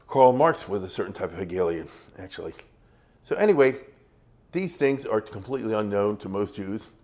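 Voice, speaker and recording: A middle-aged man with a lowish, slightly mellow voice gives a casual, conversational history lecture. He acts out small examples and keeps checking in with his students, asking "you see?" and "you get it?"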